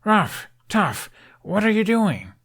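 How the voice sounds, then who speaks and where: A man voicing an exasperated young Viking squire who shouts at his reckless friends. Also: on the low side, big pitch swings, moderate pace. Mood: shouting.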